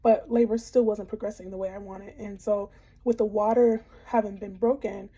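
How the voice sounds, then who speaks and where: A woman's voice: mid-range voice, steady tone, moderate pace, warm tone, breathy edge. A woman in her thirties candidly telling a personal story in a heartfelt monologue, with frequent fillers.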